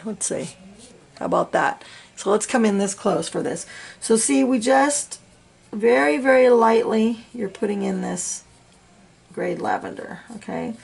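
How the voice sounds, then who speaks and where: A woman teaching a coloring lesson, talking through each step in a soft, chatty way with plenty of fillers. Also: a little high, vocal fry, slightly rough. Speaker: coloring instructor. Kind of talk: real-time art tutorial.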